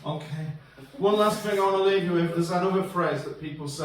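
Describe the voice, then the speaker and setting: A man's voice: high-pitched, brisk, few pauses, slight background noise. A man doing stand-up comedy in a pub, rambling and self-deprecating as he acts out bits of dialogue. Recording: roomy echo from far off.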